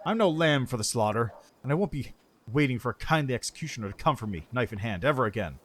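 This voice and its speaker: A man's voice: medium pitch, lively intonation, quick pace, close to an everyday voice. A man voicing a defiant, guarded female elf spy from a fantasy game, curt and weary.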